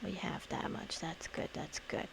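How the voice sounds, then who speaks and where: A woman's voice: moderate pace, noisy background. A woman streamer chatting casually while playing a game, thinking aloud and murmuring to herself.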